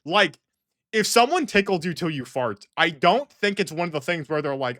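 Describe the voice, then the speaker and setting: A man's voice: high-pitched, animated, normal speed, bright, forceful tone, no room sound, studio quality. A man giving comedic reaction commentary in an exasperated, rambling way, often restarting sentences. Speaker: online commentator.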